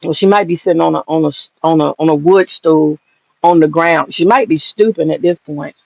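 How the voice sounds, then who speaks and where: A man's voice: a little high, fairly quick, creaky, a little mellow, no echo, lo-fi sound. A man hosting an online commentary monologue, talking in a blunt, profane and mocking way.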